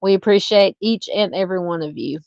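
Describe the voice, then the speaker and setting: A woman's voice: medium pitch, fairly quick, vocal fry, darkish tone, no echo, dull audio. A woman with a Southern US accent hosting a true-crime live stream, chatting casually and reading out viewer comments. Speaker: livestream host.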